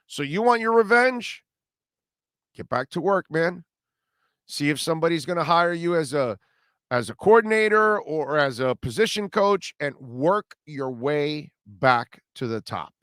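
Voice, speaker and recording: A man's voice: on the high side, fairly bright tone, dry recording, clean studio sound. A middle-aged man hosting a sports radio show, delivering a blunt, preachy monologue in short, punchy, emphatic bursts. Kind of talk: opinionated sports talk monologue.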